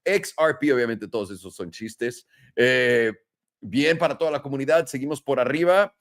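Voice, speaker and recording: A man's voice: mid-range voice, fairly quick. A man hosting a trading stream, chatting casually, joking and laughing often between comments. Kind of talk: casual chat and market commentary.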